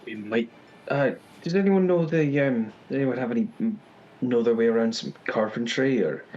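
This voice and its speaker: A man's voice: mid-range voice, normal speed, darkish tone, lo-fi sound. A man playing a tabletop game, hesitating over his words and rallying the group in casual chat. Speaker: player.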